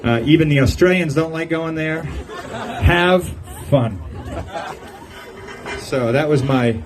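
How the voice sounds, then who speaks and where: A man's voice: on the high side, slow, some chatter behind, slight background noise, poor audio. An older man giving a humorous farewell speech on an outdoor patio, telling jokey stories and chuckling at his own punchlines. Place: outdoor golf club patio.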